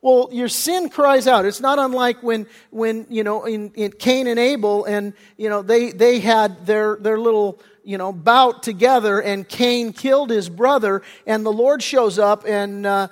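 A man's voice: high-pitched, steady tone, measured pace, few pauses. A male pastor giving a sermon, talking casually and conversationally, often repeating words as he restarts. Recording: long hall reverb.

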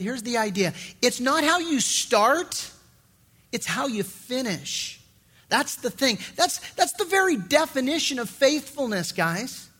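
A middle-aged man preaching a sermon as pastor, in a lively conversational way with frequent restarts. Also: extremely high pitch, slightly rough.

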